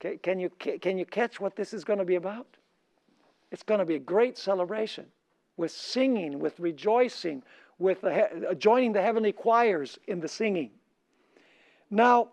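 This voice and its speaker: A pastor gives a sermon lecture in a high, slightly mellow voice, asking the audience questions so they can finish his sentences. When he reads scripture, he slows down and raises his voice. The recording is dull and lo-fi.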